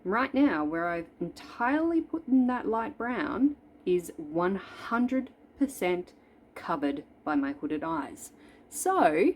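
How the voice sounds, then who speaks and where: A woman's voice: on the low side, lively intonation, a little slow, a little mellow. A woman in her forties chatting through a makeup tutorial at home, playful and self-deprecating. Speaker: makeup vlogger. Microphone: camera in front of her.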